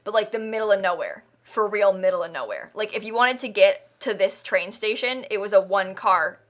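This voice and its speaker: A woman's voice: mid-range voice, expressive, normal speed, fairly bright tone. A young American woman chatting casually on a live stream, rambling with lots of "like" and frequent laughter. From United States. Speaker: game streamer. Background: faint background music.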